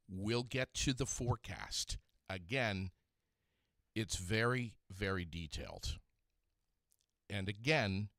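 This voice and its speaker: A man's voice: low voice, fairly bright tone, no echo, clean studio sound. A man hosting a local radio show, reading ads and road news in an emphatic way, repeating words for effect. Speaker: radio host. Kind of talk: local radio chat with ad reads.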